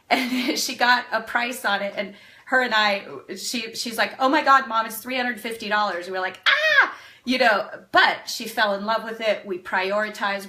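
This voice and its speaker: Middle-aged lady giving a fast farm marketing lesson, bright voice, eager and chatty. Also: medium pitch. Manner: fast, earnest, animated advice. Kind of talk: video lesson to farmers.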